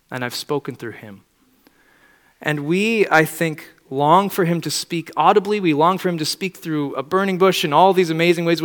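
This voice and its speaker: Man, preacher, sermon, reflective, rhetorical questions, slightly high voice, echoing hall. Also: fairly bright tone.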